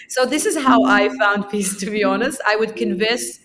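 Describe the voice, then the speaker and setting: A woman from Iraqi Kurdistan whose first language is Kurdish, a podcast guest telling personal stories in a lively way, often repeating words as she restarts. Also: medium pitch, normal speed, hardly any pauses, soft background music, poor audio. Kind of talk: personal storytelling.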